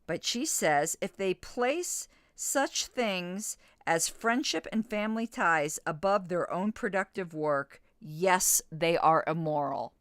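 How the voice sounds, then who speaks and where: A woman in her fifties reads an interview aloud, then argues back bluntly in a lowish voice that swings up and down a lot. The sound is close and dry, with no room echo. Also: lively intonation, takes it slowly, few pauses, fairly bright tone, clean tone. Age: 50s. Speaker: podcast host. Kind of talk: reading an interview aloud and commenting.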